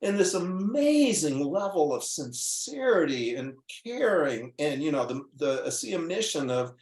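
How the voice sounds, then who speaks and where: A man with a slightly high voice tells his story earnestly and with animation. He plays out both sides of the conversations he recalls. The sound carries a noticeable room echo. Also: very animated, measured pace, darkish tone. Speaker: guest doctor. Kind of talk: casual storytelling on a call-in show.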